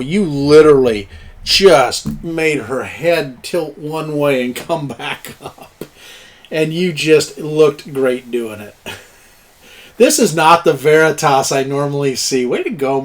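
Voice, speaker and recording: A man's voice: on the high side, takes it slowly. A man narrating a tabletop game as game master, chuckling and cheering on the players' rolls. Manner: chuckling, encouraging, plays up dice rolls.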